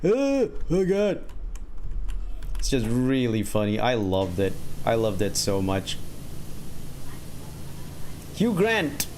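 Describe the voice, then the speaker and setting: Young male streamer, slow, meandering casual chatter, faint room noise behind. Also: lowish voice, sing-song. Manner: rambling, chatty, laughs often. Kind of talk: casual gaming stream chat.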